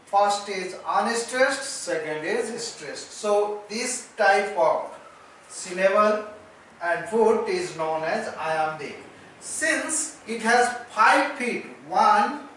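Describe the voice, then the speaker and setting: A man with an Indian English accent lectures in a high voice at an unhurried classroom pace, repeating each point as he counts through it. He sits well back from the mic in a strongly echoing room, with faint noise underneath. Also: sharp tone, distant mic. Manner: repetitive, counting and spelling out stresses. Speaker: teacher. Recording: echoey room, voice from afar.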